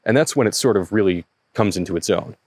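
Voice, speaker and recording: An American man with a fairly low voice talks to camera as host of his own channel. He lays out his reasons methodically, one point after another. The sound is dry and close, with no room echo. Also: lively intonation, darkish tone. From United States. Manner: measured, methodical, explains point by point. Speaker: historical reenactor, channel host. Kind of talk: explanatory talk to camera.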